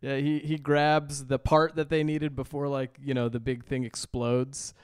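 A man co-hosting a podcast, casually recapping an episode in quick bursts with frequent uhs. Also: mid-range voice, little pitch movement, smooth, no room sound, studio quality. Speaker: podcast co-host. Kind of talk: casual chat.

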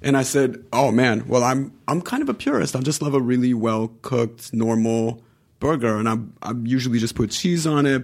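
A man's voice: medium pitch, normal speed. A man who is a guest on a podcast, chatting casually and acting out the people in his anecdotes. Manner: animated storyteller, acts out quoted voices.

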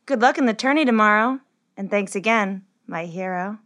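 A woman voicing Corley, a shy, gentle young girl cleric who speaks kindly. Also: medium pitch, moderate pace, lightly acted. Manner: gentle, shy, warm-hearted.

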